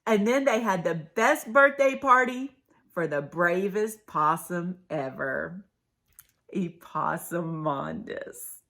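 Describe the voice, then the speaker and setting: A woman reading a children's picture book aloud, expressive, with hushed asides to her listeners. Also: on the low side, takes it slowly. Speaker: storybook reader.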